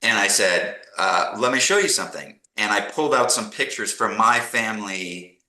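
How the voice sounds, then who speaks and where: A middle-aged man from Canada, a podcast guest telling animated stories and acting out the people he quotes. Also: on the low side, moderate pace, roomy sound, low-quality recording. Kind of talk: casual storytelling interview.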